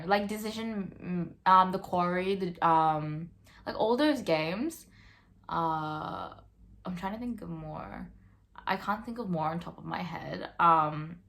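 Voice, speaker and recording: Chatty young woman vlogging opinions. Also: fairly low pitch. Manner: chatty, filler-heavy, earnest. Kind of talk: casual opinion vlog.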